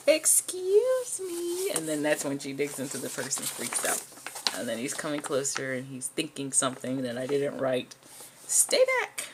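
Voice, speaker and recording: A low, gravelly woman poking fun at herself. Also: a little hiss or hum. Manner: self-mocking, wry. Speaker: vlogger and artist. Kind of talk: casual commentary on old drawings.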